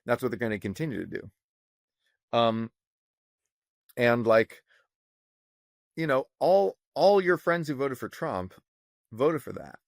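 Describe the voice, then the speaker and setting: A man co-hosting a casual podcast on economics, talking in an animated, sarcastic way and swearing freely. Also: mid-range voice, a little slow, vocal fry, long pauses, no room sound, clean studio sound. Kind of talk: casual opinionated chat.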